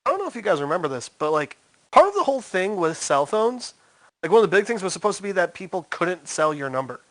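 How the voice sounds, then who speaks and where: A man jokes through a casual podcast chat in a fairly high voice. His pitch swings widely, and his delivery stays animated and playful. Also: fast talker, no room sound. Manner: animated, joking. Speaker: podcast co-host.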